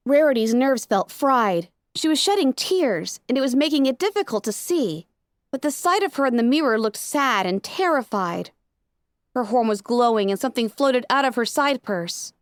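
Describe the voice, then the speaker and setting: A woman narrating a fan fiction story with an expressive reading. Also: fairly high pitch, no room sound, studio quality. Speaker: audiobook reader.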